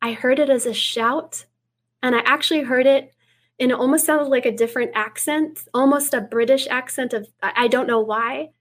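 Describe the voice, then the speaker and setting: A woman guest speaking earnestly in an interview, reading scripture aloud and dropping to a hush for quoted words. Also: sits high, fairly even intonation, normal speed. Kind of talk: preaching in an interview.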